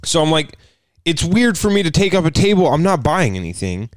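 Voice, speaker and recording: A man co-hosting a podcast, telling a story in casual chat, animated and profane, acting out the people in it. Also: a little high, brisk, no echo, clean studio sound. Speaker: podcast co-host.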